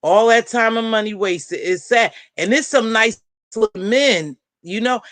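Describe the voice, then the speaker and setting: A woman hosting a casual live-stream panel, chatting and gossiping in an animated way and calling out friends by name. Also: fairly high pitch, unhurried, no echo. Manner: animated, talks straight to viewers and friends by name. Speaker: panel host.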